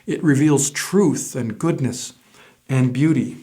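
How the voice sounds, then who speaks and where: A man of middle pitch preaching a sermon to his congregation. He speaks in a measured, deliberate way and pauses to stress key words one at a time. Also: dark tone. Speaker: pastor.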